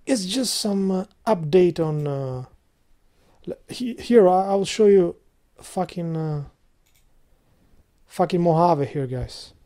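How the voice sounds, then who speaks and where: A man's voice: lively intonation, slow pace, long pauses. Swearing, rambling man ranting to camera. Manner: profane, rambling, frequent laughter, swings from loud outbursts to low mutters. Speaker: video blogger. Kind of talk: casual rambling vlog rant.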